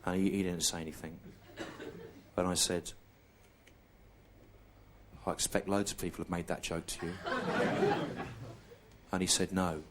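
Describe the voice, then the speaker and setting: A middle-aged English man doing a stand-up comedy routine, deadpan and laid-back with lots of repetition. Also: low-pitched, a little slow, pauses often, background noise. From England.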